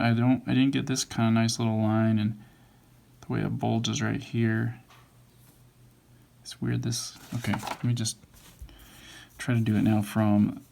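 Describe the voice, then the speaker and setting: A gravelly-voiced man talks through his drawing as he works, half to himself. He mumbles and corrects himself along the way like a relaxed drawing teacher. A faint hiss sits under his voice. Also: lowish voice, measured pace, long pauses. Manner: mumbling, self-correcting as he draws. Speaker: drawing instructor. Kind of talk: thinking aloud while sketching. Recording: faint background noise.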